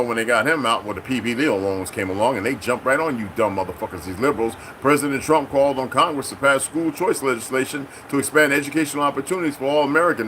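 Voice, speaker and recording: A man's voice: mid-range voice, sharp tone, a little hiss or hum. A middle-aged man hosting his own channel, ranting unscripted, profane and confrontational. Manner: mimics other people in quoted exchanges. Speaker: channel host. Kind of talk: unscripted political rant.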